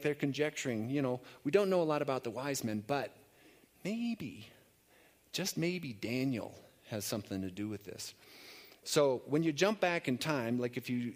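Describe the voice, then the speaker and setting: A man preaching to his congregation in an easy, conversational way. He tells stories loosely and often restarts his sentences along the way. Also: mid-range voice. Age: adult. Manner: relaxed storytelling, loose with fillers and restarts. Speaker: pastor. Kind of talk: conversational sermon.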